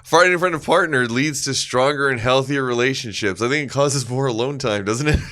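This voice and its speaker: Bright-voiced laughing podcast co-host man. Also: medium pitch, brisk. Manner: laughs often, profane, rambling with fillers. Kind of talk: crude comedic banter.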